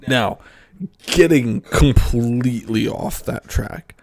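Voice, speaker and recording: A man's voice: mid-range voice, slow, gravelly, slight background noise. A young man co-hosting a casual podcast, tipsy and joking, swearing and laughing often as he reviews albums. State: tipsy from drinking soju. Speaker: podcast co-host.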